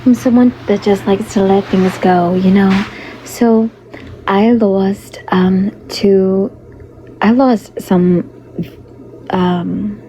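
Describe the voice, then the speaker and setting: A woman livestreaming in a loose, rambling way, greeting her viewers and fighting a hoarse, fading voice. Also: mid-range voice, fairly even intonation, very slow, mellow. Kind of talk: casual livestream chat. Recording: dull lo-fi stream audio with faint noise.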